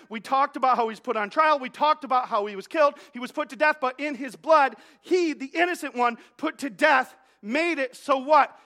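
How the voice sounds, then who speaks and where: A male pastor delivering a sermon in a very high, bright, forceful voice. He presses his points with rhetorical questions and repeated lines. He sometimes trips over a word and restarts. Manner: emphatic, with rhetorical questions and repetition; stumbles and restarts mid-phrase.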